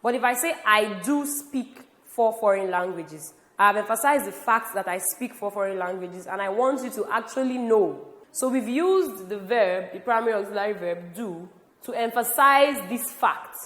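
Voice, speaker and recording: Deliberate woman teacher in a roomy echo. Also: medium pitch, animated, a bit bright. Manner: slow, deliberate, stresses example words. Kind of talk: grammar lesson. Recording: roomy with long reverb.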